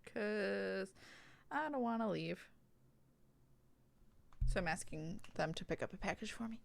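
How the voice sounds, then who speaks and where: A woman's voice: mid-range voice, a little slow, creaky. A woman streamer chatting casually and reading along while she plays a story game. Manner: animated, reads game lines aloud and reacts. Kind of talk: casual gameplay commentary.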